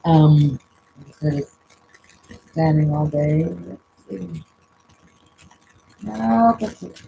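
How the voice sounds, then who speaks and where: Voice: medium pitch, extremely slow, vocal fry, warm tone, a little hiss or hum, poor audio. A spiritual coach giving a casual oracle card reading and prayer at home, musing aloud and often trailing off mid-thought.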